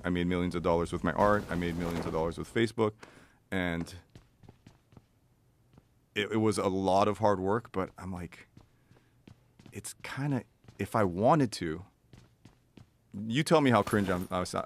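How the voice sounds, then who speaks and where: A man's voice: low-pitched, slight background noise. A man in casual chat, telling long rambling stories about money and art with lots of fillers and laughs. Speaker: guest.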